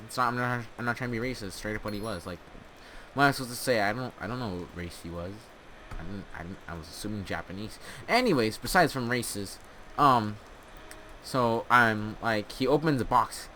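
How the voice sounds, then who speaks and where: A man's voice: lowish voice, fairly quick, bright, forceful tone, a little hiss or hum. A young man telling a long, rambling story with many restarts while playing a game, on a headset mic. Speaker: storyteller and gamer.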